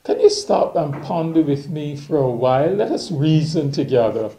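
A man preaching a daily reflection, reading scripture and musing on it at a slow, thoughtful pace. His voice sits a little high for a man, yet it has a mellow, gravelly texture. The room around him rings with echo. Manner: slow, measured, reflective delivery.

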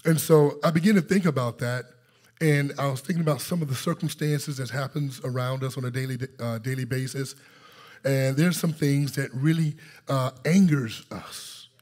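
Husky-voiced man preaching a storytelling sermon. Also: mid-range voice, moderate pace. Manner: storytelling preacher, calls out to the congregation, builds to excited intensity. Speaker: pastor. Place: church sanctuary.

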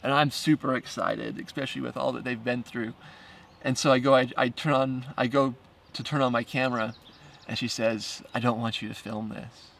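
A man tells a story in a casual first-person way, stumbling and repeating words and laughing lightly between phrases. His voice is rough and gravelly at medium pitch. He sits a little back from the microphone. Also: steady tone, normal speed, fairly bright tone, distant mic, slight background noise. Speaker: filmmaker narrating his documentary.

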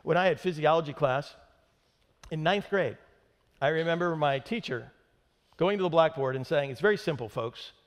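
A man's voice: fairly high pitch, normal speed, long pauses. A male pastor giving a sermon, emphatic and conversational with dry humor. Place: church sanctuary. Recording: long hall reverb in a church.

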